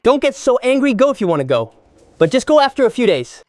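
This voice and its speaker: An actor playing the elder brother who heads a rural family, arguing and scolding in a family drama. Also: male voice, very high voice, big pitch swings, fast, music in the background. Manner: scolding, argumentative. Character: stern man heading a rural family household. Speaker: elder brother and head of the household. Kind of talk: village family drama acting.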